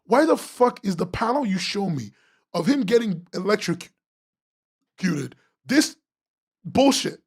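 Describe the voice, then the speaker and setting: A man's voice: high-pitched, animated, unhurried, long pauses, slightly rough. A man hosting a webcomics podcast, ranting sarcastically as he critiques comic pages, swearing and laughing.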